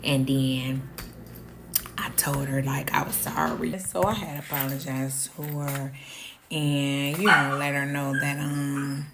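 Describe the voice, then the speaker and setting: A woman's voice: extremely low pitch, slow, heavy background noise. A woman telling a candid storytime monologue, acting out the dialogue as she goes. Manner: candid, animated, acts out quoted dialogue. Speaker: storyteller vlogger.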